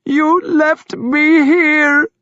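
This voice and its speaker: A man's voice: very high-pitched, steady tone, extremely slow, pushed and bright, no echo, highs cut off, voice pushed up, heavily acted. A man voicing a grief-crazed, vengeful young woman who shrieks and wails. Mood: screaming grief.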